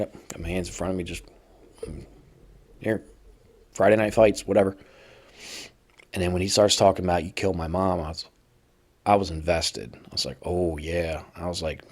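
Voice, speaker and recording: A man's voice: sits low, normal speed. A man telling a story from his time in prison in a casual, conversational way as a podcast host. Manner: casual, conversational, acts out quoted voices loudly. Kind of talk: first-person storytelling monologue.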